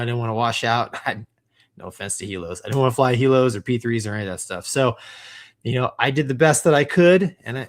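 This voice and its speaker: A man co-hosting a casual live talk show, laid-back and jokey, often laughing. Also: medium pitch. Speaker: co-host.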